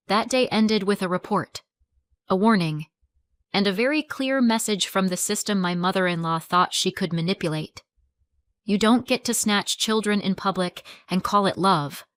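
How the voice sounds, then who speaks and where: A woman narrating a story in a calm, measured storytelling voice. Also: mid-range voice, no echo.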